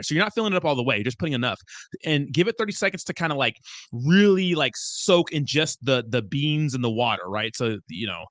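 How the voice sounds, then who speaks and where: Profane, rambling young livestream host. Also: male voice, a little high, a bit bright, no echo, studio quality. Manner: profane, rambling, loose and chummy. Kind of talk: casual livestream chat reading viewer comments.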